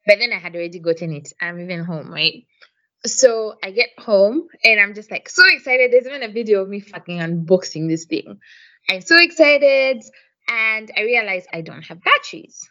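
In a casual chat on the podcast she co-hosts, a woman tells a story frankly, swearing often and filling her sentences with "like" and "um." Her mid-range voice is brisk, bright and forceful, and the sound is lo-fi.

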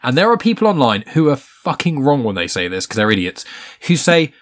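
A man hosting a podcast in casual chat, animated and emphatic with strong opinions. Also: mid-range voice, fairly quick. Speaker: podcast host.

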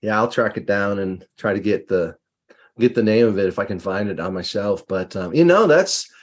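Male host, husky voice, lively pitch, reflective and halting delivery. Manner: thoughtful, musing, with hesitant fillers. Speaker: podcast host. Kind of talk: conversational interview.

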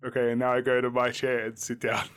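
A man's voice: medium pitch, completely flat delivery, quick pace, fairly bright tone, smooth. A man with an Australian accent playing a tabletop game, talking in a rambling, jokey way full of fillers. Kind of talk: casual in-character play.

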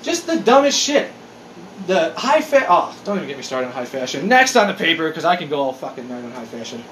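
Ranting, swearing man with lively pitch. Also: a little fast, slight background noise. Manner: profane, ranting, exasperated. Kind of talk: casual chat. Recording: echoey room.

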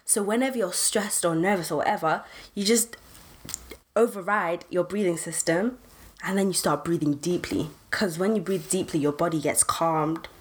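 A woman's voice: lowish voice, normal speed. A young woman, co-hosting a podcast and explaining things emphatically with slang. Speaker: podcast co-host. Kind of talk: casual podcast chat.

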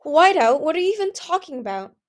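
A woman's voice: a little high, expressive, fairly quick, a little mellow, natural voice. A woman doing Listener, a bossy young female dragon.

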